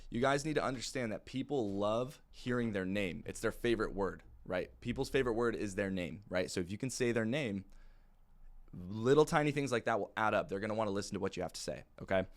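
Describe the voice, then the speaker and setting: A man's voice: lowish voice, animated, a little fast. A young man teaching sales calls in a casual, plain-spoken way, with lots of fillers. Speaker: insurance sales trainer. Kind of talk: casual training talk.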